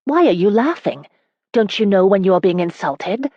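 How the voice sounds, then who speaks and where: With a sing-song lilt at normal speed, a woman narrator gives voice to an indignant, spirited young woman in an audiobook. She sounds sharp and emphatic, going higher and louder than the surrounding narration, and the audio is dull with no room sound.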